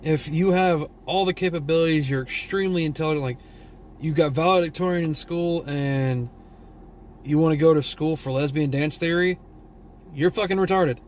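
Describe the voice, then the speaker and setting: A man's voice: fairly high pitch, moderate pace, darkish tone, a little hiss or hum. A tired man from Texas with a Southern drawl, vlogging a blunt, profane, rambling rant. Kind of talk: casual opinion rant.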